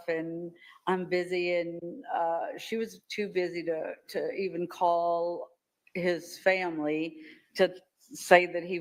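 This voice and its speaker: An older woman testifying as a witness in a courtroom. She talks haltingly and often repeats words as she recalls events. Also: on the low side, low-quality recording. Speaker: trial witness.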